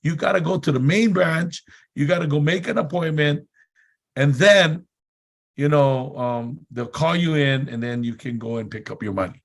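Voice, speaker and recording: A man voicing a loud, stern female bank teller who scolds a customer, in a storytelling seminar talk. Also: fairly high pitch, moderate pace. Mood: scolding.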